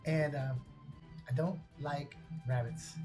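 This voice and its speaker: A man's voice: on the high side, steady tone, slow pace, over music. A man playing a tabletop game, hesitant with a dry humor. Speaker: player. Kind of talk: casual tabletop play.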